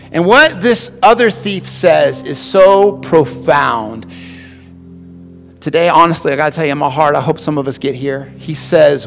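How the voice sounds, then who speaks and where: A male pastor delivers a sermon in a high, gravelly voice, moving between loud passionate emphasis and quiet, hushed passages. He often repeats words as he starts a phrase. The voice carries a long hall reverb, with soft guitar playing underneath. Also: lively intonation, measured pace.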